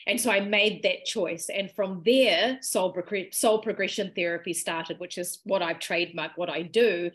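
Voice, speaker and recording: A woman, a podcast guest telling a personal healing story in a lively, emotional way and acting out quoted dialogue. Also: fairly low pitch, moderate pace, hardly any pauses. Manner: animated, emotional retelling with quoted dialogue and laughs.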